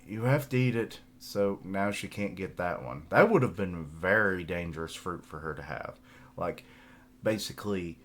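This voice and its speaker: A man streaming a casual manga reaction, thinking aloud, reading the panels' dialogue aloud in a flat tone, and laughing often. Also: low-pitched, slight background noise.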